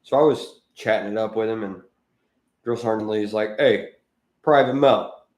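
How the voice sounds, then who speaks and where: A chatty man co-hosting a podcast and telling his stories with lively energy. His voice sits on the low side, and the room around him rings with a noticeable echo. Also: normal speed. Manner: talkative, animated anecdote teller. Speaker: podcast co-host. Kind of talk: casual storytelling chat. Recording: roomy echoey room.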